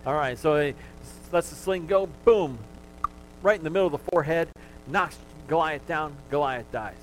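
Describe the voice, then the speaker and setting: Guy pastor preaching, chatty and joking w the crowd, kinda high voice, faint hum behind. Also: normal speed, low-quality recording. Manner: conversational and joking with the congregation. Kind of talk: sermon.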